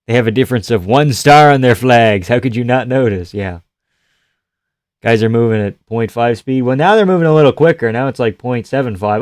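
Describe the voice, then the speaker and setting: A man on a live stream reacts to fights, easygoing and full of swearing as he argues with chat. His voice sits at an ordinary pitch and sounds close and dry, with no room around it. At big moments he bursts into loud, excited shouting. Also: fairly quick, dry recording. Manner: casual, profane, answers chat, yells at big moments.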